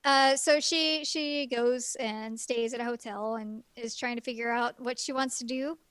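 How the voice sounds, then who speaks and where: A woman's voice: fairly high pitch, steady tone, a little slow, fairly bright tone, clean tone, no room sound. A woman on a casual podcast, rambling through a plot recap with lots of ums. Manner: rambling plot retelling with many fillers. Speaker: guest reviewer.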